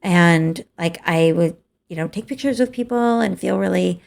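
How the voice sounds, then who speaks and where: A woman's voice: on the low side, moderate pace, creaky. A woman host telling a personal story in a candid, confessional way, with frequent hesitant restarts. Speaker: podcast host.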